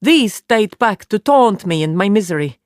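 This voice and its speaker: In a studio-quality recording without echo, a woman narrates an audiobook, giving a blunt young warrior woman a raised, plain, measured, matter-of-fact delivery. The medium-pitched voice is expressive, set above her natural voice yet near an everyday tone.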